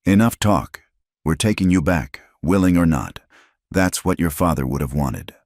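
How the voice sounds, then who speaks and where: A man performs a contemptuous frontier townsman leading an armed mob. He snarls, and his lines climb well above the reader's very deep voice. The storybook read is dry and close. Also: lively intonation, moderate pace, darkish tone, no echo.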